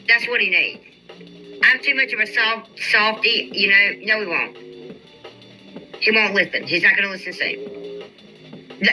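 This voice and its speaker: A woman talks to her livestream viewers in a casual, drawling way. Her voice is very bright and sharp, and she vents with exasperated, profane asides as she answers comments. Faint music plays underneath. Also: medium pitch, poor audio. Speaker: YouTube live streamer. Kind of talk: casual live-stream chat reading viewer comments.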